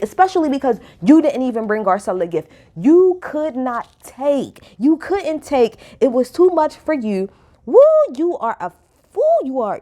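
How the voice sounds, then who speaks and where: A woman's voice: high-pitched, dark tone. A woman recapping a reality show in a sassy, ranting vlog with heavy cursing. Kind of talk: casual recap commentary.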